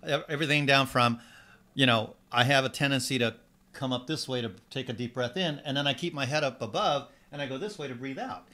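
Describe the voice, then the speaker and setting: A man, a wellness coach, guesting on a radio show, telling stories in animated style and acting out quoted voices. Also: medium pitch, a little fast. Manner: animated storyteller, acts out quotes. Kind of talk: radio studio chat.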